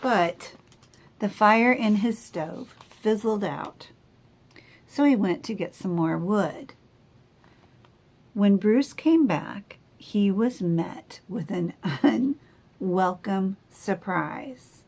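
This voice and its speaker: A woman reading a picture book aloud to children, gently asking them questions. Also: medium pitch, animated, extremely slow.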